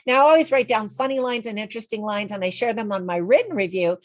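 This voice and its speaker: A woman's voice: medium pitch, lively intonation, fast talker, no room sound. Chatty woman reviewing a movie, dry sound. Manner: chatty, frank, laughs at her own asides. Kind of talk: casual spoken movie review.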